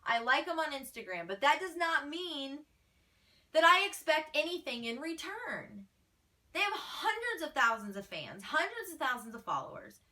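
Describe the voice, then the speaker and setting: A woman's voice: high voice, sing-song, moderate pace, pushed and bright, far from the mic. A woman fan page admin answering fan questions in a casual vlog, blunt, feisty and exasperated.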